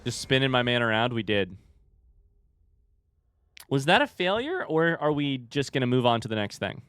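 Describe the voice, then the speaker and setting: A man streaming a horror game with casual commentary, animated and wry, swearing and joking as he plays. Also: mid-range voice, moderate pace, clean tone, dry recording. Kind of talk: casual let's-play commentary.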